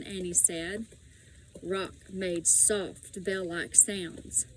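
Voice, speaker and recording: A woman reading a children's storybook aloud in a slow, expressive way. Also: fairly low pitch, slight background noise, poor audio. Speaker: audiobook reader.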